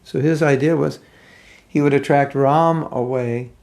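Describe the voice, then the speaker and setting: A man giving a conversational sermon, retelling a scripture story with halting asides. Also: mid-range voice, steady tone, vocal fry, a little mellow. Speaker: spiritual teacher.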